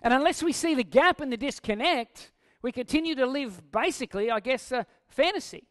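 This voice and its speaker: A man's voice: very high-pitched, expressive, a little fast. A man preaching a sermon in a conversational way, asking the listeners questions and acting out quoted lines. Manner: acts out quoted lines in a raised voice. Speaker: pastor.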